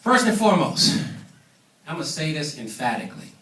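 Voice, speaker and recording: Emphatic seminar trainer, male, higher voice, booming from a distance in a reverberant room. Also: very animated, a little fast, pushed and bright. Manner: emphatic, preachy, calls for audience responses. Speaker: business trainer. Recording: echoey room, mic at a distance.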